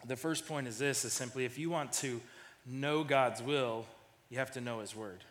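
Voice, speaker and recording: A man's voice: mid-range voice, normal speed, long reverb tail. A man in his thirties preaching a sermon in a casual storytelling way, often repeating the first words of a phrase. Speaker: pastor.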